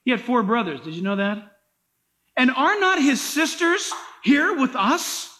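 A pastor delivers a sermon in a strikingly high male voice. He preaches with animated, dramatic emphasis, pressing each point home. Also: measured pace.

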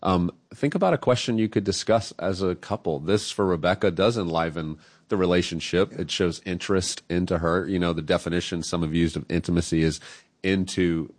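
A man's voice: low voice, brisk. A man being interviewed as a guest author, talking earnestly and reflectively. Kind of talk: casual interview chat.

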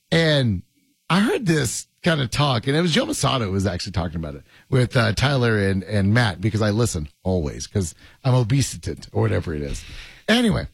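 A man with a gravelly, slightly husky voice hosts a sports radio show, his pitch leaping around as he rambles and jokes. The sound is dry and close, with no room around it. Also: no echo. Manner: joking, rambling, laughs often. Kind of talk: casual sports radio chat.

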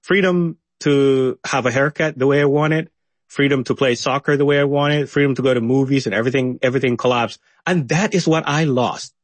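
A man, speaking earnestly and deliberately as a guest in an interview over a video call. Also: medium pitch, dry recording. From Somalia. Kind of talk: remote interview.

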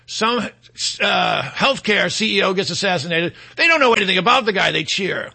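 The talk show host's high-sitting voice is sing-song, creaky, husky, pushed and bright, moving at normal speed. In a combative monologue he mocks his opponents and mimics them in quoted voices.

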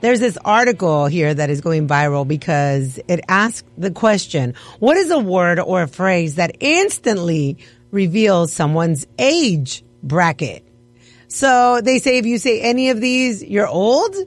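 A woman's voice: on the low side, a little slow. A woman radio host chatting casually, laughing and playfully acting offended. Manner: animated, laughing, mock-offended. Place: radio studio. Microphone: studio mic.

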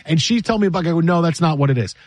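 A man hosting a sports talk show, telling stories in a casual, animated way and acting out quotes. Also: on the high side, racing, dry recording. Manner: animated storyteller, acts out quotes, laughs often.

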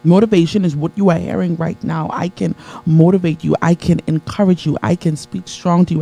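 Gravelly, mellow-voiced male motivational preacher. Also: poor audio. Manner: builds with repetition, call-and-response, laughs with crowd; swings between soft low asides and high excited peaks. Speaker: motivational speaker. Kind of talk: motivational sermon to a live audience.

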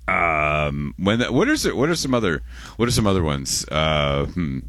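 A man's voice: sits low, very animated, moderate pace, fairly bright tone, no room sound, clean studio sound. A Canadian man in his forties hosting a radio show in casual chat, rambling and restarting his words, often chuckling.

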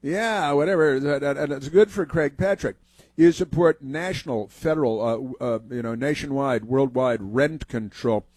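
A man's voice: medium pitch, measured pace, a little mellow, dry recording. A man hosting a political talk radio show, mocking and rambling with lots of fillers.

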